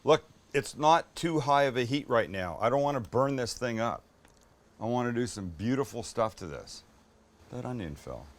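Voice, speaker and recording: A man's voice: medium pitch, animated, normal speed. A middle-aged man hosting a cooking show, talking casually and enthusiastically while he cooks, cracking jokes and swearing a little. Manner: enthusiastic, joking, mildly profane. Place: kitchen with a flat-top grill.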